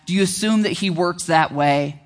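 A man preaching a sermon as pastor, earnest and conversational, slowing down to stress key phrases. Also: sits high, long reverb tail.

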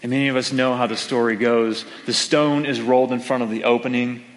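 A man's voice: mid-range voice, steady tone, a little fast. A male pastor preaching a sermon in a conversational, storytelling way, acting out the quotes of the people in his stories. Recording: long hall reverb.

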